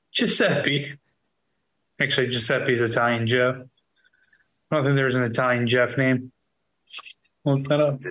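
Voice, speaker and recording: A man's voice: medium pitch, flat delivery, normal speed, pauses often, a bit bright. A man co-hosting a comedy podcast, trading crude, playful banter. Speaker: podcast co-host. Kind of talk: casual comedy podcast chat.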